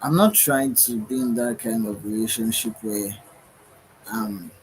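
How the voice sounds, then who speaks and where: Here a fairly low-pitched man keeps a measured pace over slight background noise on a rough recording. As a livestream host he sounds tired and yawns, letting his spiritual monologue meander while he searches for words and leans on "right?" often.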